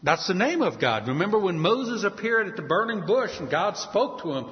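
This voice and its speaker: A man preaching a sermon with emphasis, asking rhetorical questions and swinging between loud and soft. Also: sits high, big pitch swings, normal speed. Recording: dull, echoey hall sound.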